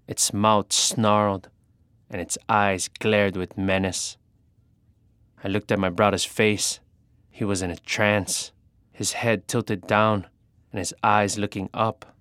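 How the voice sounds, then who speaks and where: A man narrating an adventure story in the first person, measured and dramatic. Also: fairly low pitch, fairly bright tone, clear, resonant tone, no echo, studio quality.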